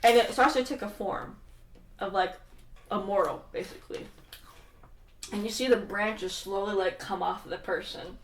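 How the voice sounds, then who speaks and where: A woman's voice: mid-range voice, normal speed, long pauses, a little hiss or hum. A woman narrating as game master, laughing often and putting on voices for the characters. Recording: echoey room, mic from far off.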